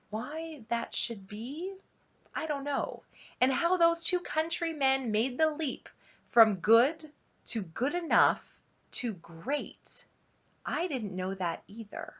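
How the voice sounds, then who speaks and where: A woman reading a novel aloud at home, unhurried and dramatic, dropping to a hush at tense moments. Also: fairly high pitch. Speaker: audiobook reader on her channel.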